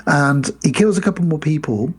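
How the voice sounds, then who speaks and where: A man co-hosting a podcast, casually recapping a film plot and slipping into quick mock voices. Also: a little high, expressive, breathy edge. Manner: retells scenes with quick mock voices and laughs. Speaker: podcast co-host.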